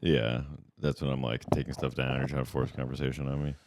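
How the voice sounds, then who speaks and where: A man's voice: extremely low pitch, flat delivery, quick pace, background noise. A man co-hosting a comedy podcast in a studio, rambling through absurd jokes in casual banter. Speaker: podcast co-host.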